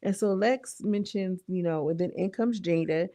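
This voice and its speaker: A woman's voice: on the low side, normal speed, mellow, no echo, clean studio sound. A young adult woman recapping a reality show in casual, slangy chat, full of asides to the viewer. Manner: chatty, slangy, retells scenes with lots of asides.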